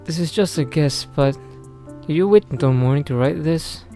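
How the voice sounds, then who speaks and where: A man's voice: on the high side, normal speed, mellow, soft background music. A man with a Filipino accent, a native Cebuano speaker, reading a visual novel's lines aloud with wry, laid-back commentary. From Philippines. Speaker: gamer.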